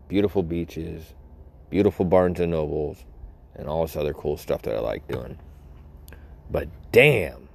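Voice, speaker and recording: Laid-back florida dude rambling and cussing, real deep low voice. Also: male voice, vocal fry, a little mellow. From Florida, United States. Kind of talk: casual rambling monologue.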